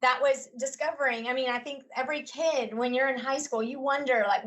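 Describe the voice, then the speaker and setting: A woman's voice: high-pitched, steady tone, a little fast, few pauses, a bit bright, recorded from a distance, dull audio. A woman in her forties, a teacher, telling her story in an earnest, heartfelt way with many fillers. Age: 40s. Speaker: teacher and guest. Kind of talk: personal story in a podcast conversation.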